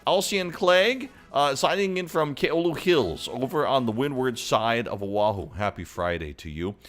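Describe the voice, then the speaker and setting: A man's voice: medium pitch, expressive, normal speed, a bit bright, soft background music. A man hosting a casual live entertainment stream, upbeat and chatty as he greets viewers by name. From Hawaii.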